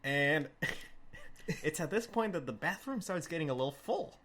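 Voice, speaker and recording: A man's voice: on the high side, expressive, moderate pace, a bit bright. Young guy from mexico rambling through a story, bouncy voice, laughs a lot. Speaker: co-host. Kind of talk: casual storytelling chat.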